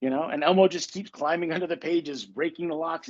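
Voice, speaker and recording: A man's voice: fairly high pitch, quick pace, dull audio. A man hosting a podcast as a coach, talking casually in a blunt, emphatic way and swearing freely. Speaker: podcast host and manifestation coach.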